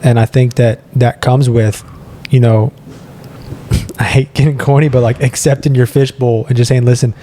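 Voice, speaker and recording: A man's voice: medium pitch, steady tone, normal speed, dark tone, a little hiss or hum. A young man co-hosting a podcast in casual chat, rambling and earnest, laughing between thoughts. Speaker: podcast co-host.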